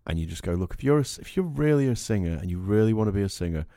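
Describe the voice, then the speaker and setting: A man's voice: lowish voice, lively intonation, racing, warm tone, dry recording, clean studio sound. A man co-hosting a podcast, chatting casually and comically, swearing often and laughing a lot. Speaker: podcast co-host. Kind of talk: casual comedic chat.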